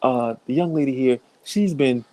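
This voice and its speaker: A man playing a smug, soft-spoken male judge with a patronizing manner. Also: medium pitch, moderate pace, no room sound, lightly acted.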